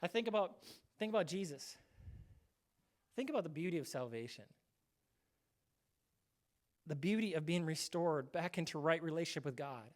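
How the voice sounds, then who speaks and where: A man's voice: fairly high pitch, animated, normal speed, pauses often. A male pastor giving a casual, conversational sermon, acting out short quoted voices now and then.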